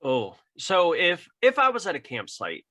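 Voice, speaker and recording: A man's voice: high-pitched, wildly swooping pitch, moderate pace, bright, forceful tone. A man co-hosting a podcast, chatting casually with dry, joking, profane asides. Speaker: podcast co-host. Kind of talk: casual chat.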